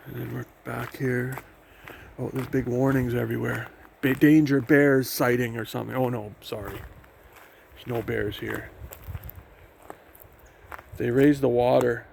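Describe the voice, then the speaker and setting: A man's voice: mid-range voice, little pitch movement, a little slow, vocal fry, pauses often, darkish tone. A man casually narrating a walk along a forest trail by a river, rambling with fillers and restarts. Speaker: vlogger. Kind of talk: casual walking tour narration. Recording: noisy outdoor sound with wind and river.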